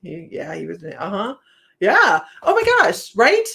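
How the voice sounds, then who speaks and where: A woman's voice: medium pitch, huge pitch swings, measured pace, vocal fry, pushed and bright. Chatty Southern woman hosting a livestream. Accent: Southern American. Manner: chatty, laughs often, reads viewer comments aloud. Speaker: psychic livestream host. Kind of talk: casual livestream chat.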